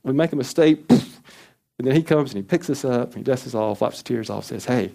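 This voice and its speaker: Briskly and with vocal fry in his mellow voice, a man gives a sermon in an earnest, chatty manner. Quoted prayers are acted out, his pitch lifting as he voices them.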